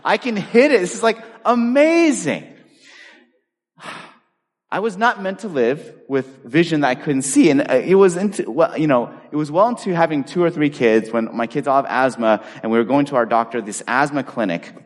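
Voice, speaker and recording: A man in his forties, a pastor, telling personal stories in a sermon and acting out the dialogue with lively swings. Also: fairly high pitch, normal speed. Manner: animated storyteller acting out dialogue. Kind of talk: storytelling sermon. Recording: long reverb of a large hall.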